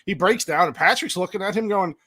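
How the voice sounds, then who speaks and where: A man's voice: sits high, quick pace, bright, forceful tone, no room sound, studio quality. A man hosting a casual movie commentary chat, making crude jokes and laughing often. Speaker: podcast host.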